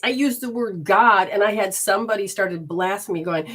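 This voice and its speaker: A woman from Michigan speaks in a mid-pitched voice, giving a loose, expressive spiritual talk from her living room. She reads viewers' comments aloud with warmth, then drifts back into her teaching. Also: normal speed, few pauses. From Michigan, USA. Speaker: spiritual teacher hosting a livestream.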